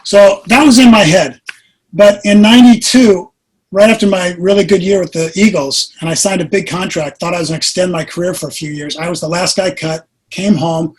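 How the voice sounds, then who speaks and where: A man in his sixties, a podcast guest, earnestly telling a personal story with animated delivery. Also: high-pitched, fairly quick, breathy edge, low-quality recording. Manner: earnest, animated storyteller who acts out quotes.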